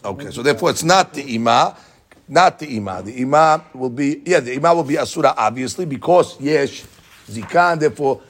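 Male Talmud teacher, husky voice, methodical and repetitive in his explanations, mid-range pitch. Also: lively intonation, brisk. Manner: explains step by step, repeats key phrases, answers students' questions. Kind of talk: Talmud study class explanation.

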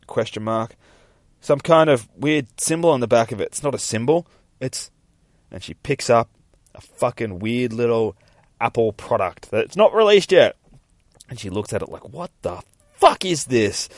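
A man hosting a solo comic book podcast, recapping a story in a loose, profane, animated way and acting out the characters' lines. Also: medium pitch, dry recording, studio quality.

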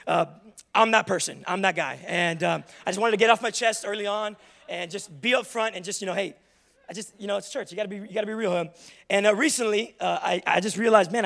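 A man's voice: high-pitched, vocal fry, a bit bright. A young adult man preaching a sermon in church, telling funny, confessional stories to make his point. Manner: humorous, confessional storytelling. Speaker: pastor.

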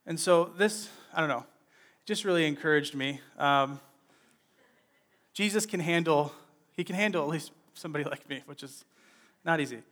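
Here a man's fairly high voice carries a conversational Bible sermon. Frequent "right?" check-ins punctuate his lively, everyday retelling of the passage's scenes.

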